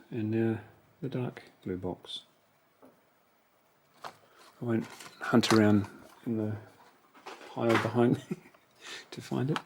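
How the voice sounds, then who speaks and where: A man's voice: on the low side, creaky, slight background noise. A man chatting casually to himself while unboxing toy cars, musing over each one. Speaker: toy car collector. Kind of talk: relaxed unboxing commentary.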